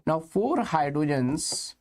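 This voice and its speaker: Slow, repetitive Indian-accented chemistry teacher. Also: male voice, on the high side, sing-song. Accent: Indian English. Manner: slow, repetitive explaining, addressing students as kids. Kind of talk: exam-prep lecture.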